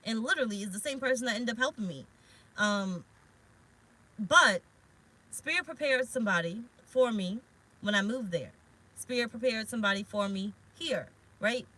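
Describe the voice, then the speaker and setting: A bright-voiced woman tarot reader talks straight to her viewers in a loose, rambling way. She is frank and swears casually as she speaks. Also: on the high side, animated, moderate pace, low-quality recording. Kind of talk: casual spiritual vlog talk. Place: parked car.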